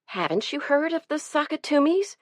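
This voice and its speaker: A woman's voice: high-pitched, very animated, moderate pace, no room sound, clean studio sound, voice pushed up. A woman voicing a cheerful young mother who leads a group of scout boys, speaking in an enthusiastic, teasing way. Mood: playful. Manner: bright, playful and enthusiastic.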